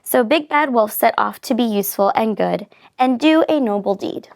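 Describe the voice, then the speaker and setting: Woman reading a kids book out loud, expressive, kinda high and gravelly. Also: normal speed. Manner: expressive, lively storytelling. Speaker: reader. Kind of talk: reading a picture book aloud.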